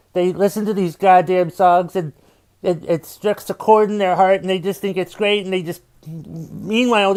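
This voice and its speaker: A man's voice: sits high, darkish tone, clean tone. Profane ranting comedian man. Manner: profane, exasperated ranting with repeated refrains. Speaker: stand-up comedian and podcast host. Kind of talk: comedic rant.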